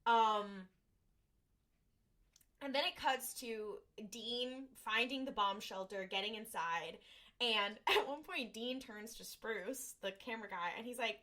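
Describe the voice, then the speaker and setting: A young woman co-hosting a podcast, retelling a TV episode in a rambling, animated way, full of fillers and acted-out quotes. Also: on the high side, measured pace. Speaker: podcast co-host. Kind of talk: casual chat recapping an episode.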